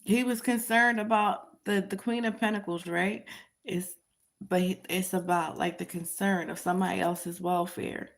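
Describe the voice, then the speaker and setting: A woman's voice: lowish voice, steady tone, normal speed, vocal fry. A woman giving a casual tarot reading commentary, talking in an emphatic, repetitive way and chuckling at her own remarks. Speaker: tarot reader.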